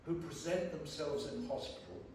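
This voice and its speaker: A man's voice: on the high side, moderate pace, a little mellow, a little hiss or hum. A man giving a blunt, emphatic, jokey speech to a community meeting in a church hall. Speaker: guest panellist. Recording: very echoey church hall, far from mic.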